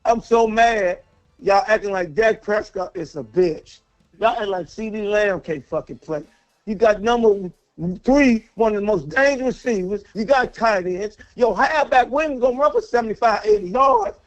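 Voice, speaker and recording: Furious high-voiced man ranting on a call-in. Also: animated, normal speed. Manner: angry, profane, repeats himself. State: worked up. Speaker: caller. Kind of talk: heated call-in rant. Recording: dull lo-fi call audio.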